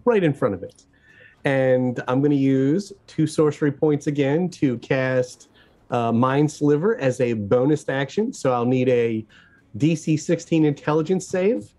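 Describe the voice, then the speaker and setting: A man's voice: medium pitch, a little slow, mellow. A man playing a tabletop game, wry and chuckling as he explains his moves. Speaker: player.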